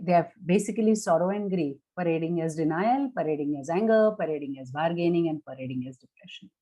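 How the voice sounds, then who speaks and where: A middle-aged woman gives a reflective talk as a therapist, her voice sitting a little low and sounding mellow and relaxed. She explains patiently, pausing on fillers and repeating words as she gathers her thoughts. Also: poor audio. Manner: measured, warm-toned explaining with frequent fillers and restarts.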